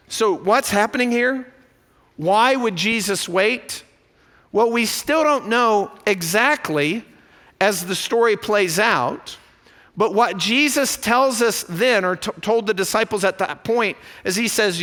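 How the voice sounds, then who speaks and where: A male pastor preaching a sermon in a church, animated and full of rhetorical questions. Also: sits high, slow pace, long reverb tail. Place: church sanctuary.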